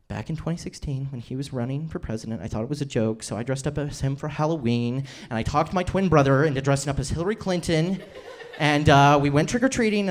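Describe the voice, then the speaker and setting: A man in his twenties doing a rambling, self-deprecating stand-up routine on a comedy club stage. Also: medium pitch. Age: 20s.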